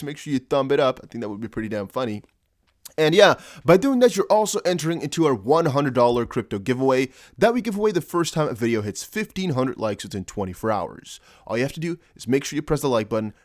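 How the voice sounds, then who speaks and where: A man's voice: mid-range voice, sing-song, fast talker, few pauses, no echo, clean studio sound. A man with an American-ish accent hosting a casual crypto vlog, chatty and rambling, with jokey asides. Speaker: crypto YouTuber.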